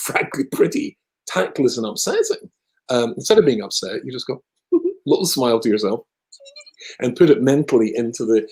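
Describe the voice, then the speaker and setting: A man's voice: mid-range voice, darkish tone, rough recording. A Scottish man from Scotland, a guest speaker telling stories in conversation with wry, self-deprecating humour. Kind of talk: conversational storytelling.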